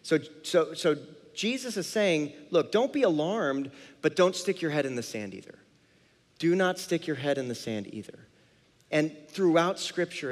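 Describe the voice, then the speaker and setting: Animated male pastor, echoing hall. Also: a little high. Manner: animated storytelling, acts out his own panic. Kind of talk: sermon. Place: church sanctuary. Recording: long hall reverb.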